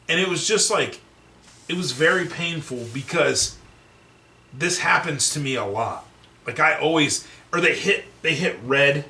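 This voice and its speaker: A man's voice: a little high, normal speed, echoey room, recorded from a distance, a little hiss or hum. A man co-hosting a podcast, ranting with lots of swearing in casual chat. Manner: ranting, profane, animated. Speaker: podcast co-host.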